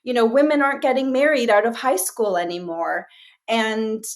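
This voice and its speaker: A woman guest in a relaxed interview, talking about her writing in a fairly high voice. She is animated and chatty, with plenty of fillers, and she keeps jumping into quick asides. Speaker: interview guest, actress and writer. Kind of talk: casual interview talk.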